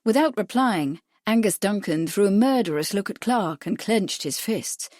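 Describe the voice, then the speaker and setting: A woman narrating a period mystery audiobook, measured and even, at a middle pitch. The recording is close and dry, with no room around her. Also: dry recording. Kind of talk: scripted narration.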